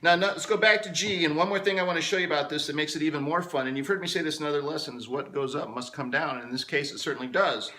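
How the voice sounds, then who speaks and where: A man teaching a guitar lesson, explaining step by step in a relaxed way, with guitar playing between his phrases. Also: on the high side, fast, hardly any pauses, rough recording.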